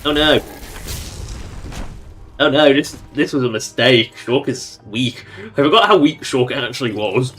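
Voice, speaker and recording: A man's voice: medium pitch, animated, measured pace, long pauses, a bit bright, soft background music. Playful man streaming a game. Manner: playful, giggly, rambling. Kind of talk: casual gameplay commentary.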